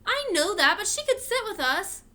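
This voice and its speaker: A woman reading aloud, voicing a bossy, eager young girl who shouts orders. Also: very high voice, big pitch swings, normal speed, pitched above the performer's own voice, exaggerated voice. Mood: excited.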